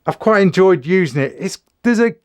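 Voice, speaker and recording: A man's voice: sits high, animated, normal speed. A man from England with an English accent, reviewing a rifle in a frank, matter-of-fact, casual way. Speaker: firearms reviewer.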